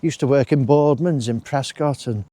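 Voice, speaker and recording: A man's voice: mid-range voice, moderate pace, dark tone, no room sound, clean studio sound. A man chatting casually as he walks outdoors through a wooded park, rambling along with friendly asides. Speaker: walking vlogger. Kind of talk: casual walking commentary.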